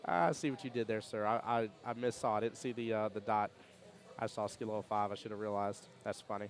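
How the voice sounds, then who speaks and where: A man with a lowish voice and fairly even intonation runs a pool tournament stream, chatting casually and reading viewer comments. His storytelling is fast and rambling, full of restarts and laughs.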